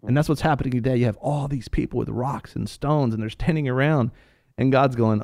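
A man preaching a sermon with passion, swinging between hushed lines and loud ones, addressing his listeners directly as sir and ma'am. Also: medium pitch, fairly quick, no echo, clean studio sound.

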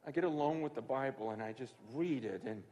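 A man preaching a sermon, telling a story in a conversational way that swings from hushed to sudden loud bursts. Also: medium pitch, fairly quick, long reverb tail, muffled recording. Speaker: pastor.

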